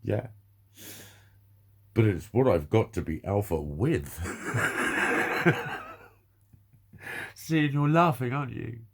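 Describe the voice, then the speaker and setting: Gravelly low-voiced man in his forties. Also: animated, slow pace, long pauses. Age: 40s. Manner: candid, emotional, heavy swearing. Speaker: vlogger. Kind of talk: casual confessional monologue.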